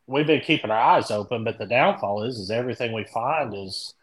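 A middle-aged man from Indianapolis with a Kentucky country accent, a podcast guest chatting loosely and telling stories in a drawn-out, rambling way. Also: medium pitch, poor audio. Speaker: guest, dent repair tech. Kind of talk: casual podcast chat.

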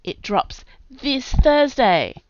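A woman with a cold, an author reading her own story aloud with clear storytelling and chatty asides. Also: sits high, very animated, extremely slow, no echo. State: has a cold. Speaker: author and podcast narrator. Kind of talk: audiobook narration. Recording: dull, dry home recording.

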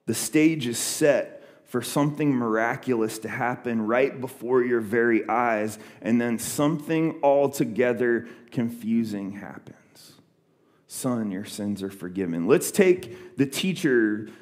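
A man's voice: medium pitch, measured pace, hardly any pauses, a little mellow. A young adult man preaching a sermon, retelling a scripture story in a loose conversational way with many fillers and restarts. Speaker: pastor.

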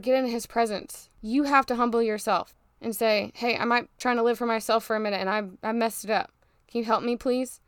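A woman's voice: a little high, smooth, no room sound, studio quality. A young woman hosting a faith-based motivational podcast, talking in an emphatic, preachy, fired-up way to her listeners. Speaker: podcast host.

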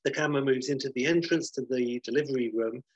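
A man, casually pitching and reading out a film script, rambling and correcting himself as he goes. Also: fast talker, slightly rough, no room sound, muffled recording. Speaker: podcast host pitching a film idea.

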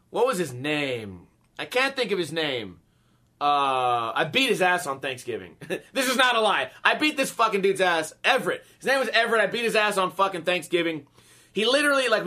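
A man in his thirties telling casual, profane stories as a podcast host, acting out the people he quotes. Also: high-pitched. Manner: profane, animated, acts out quoted voices. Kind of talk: casual storytelling chat.

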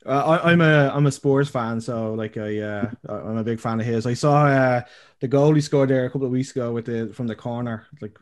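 A man's voice: mid-range voice, fairly quick. Chatty stammering man interviewer. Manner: chatty, stammering restarts, banter. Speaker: interviewer, host. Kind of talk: casual interview chat.

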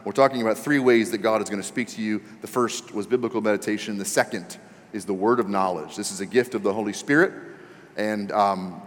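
Joking preacher in a reverberant hall. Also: male voice, fairly low pitch, a little fast. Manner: animated, joking, rising to emphatic questions. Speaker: pastor. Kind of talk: sermon.

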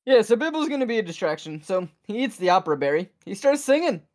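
A man's voice: high-pitched, quick pace. A man chatting casually as a podcast guest, joking and laughing easily. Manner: animated, jokey, laughs often. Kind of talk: casual chat.

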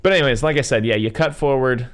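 A man's voice: medium pitch, fast talker, smooth. A man co-hosting a casual chat about films, rambling and full of fillers. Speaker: podcast co-host.

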